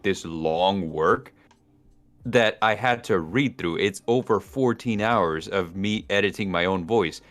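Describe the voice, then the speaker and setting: A man, chatting casually as a guest and joking around. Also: on the low side. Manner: playful, laughs often, mimics names in put-on accents; accent said to be unique. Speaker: guest narrator. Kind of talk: casual chat.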